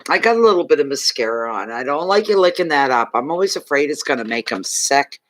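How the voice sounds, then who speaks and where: A man's voice: fairly high pitch, lively intonation, quick pace, fairly bright tone. Chatty, emotional man from Canada. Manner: chatty, emotional, thanks viewers, talks to pet dog. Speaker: livestream fortune reader. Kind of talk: casual livestream chat.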